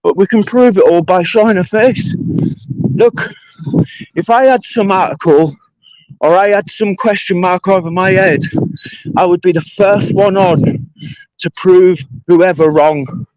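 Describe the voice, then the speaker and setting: A man's voice: high-pitched, a little slow, long pauses, a little mellow, no echo, low-quality recording. A British man ranting on a livestream, confrontational and swearing heavily. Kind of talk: angry livestream rant.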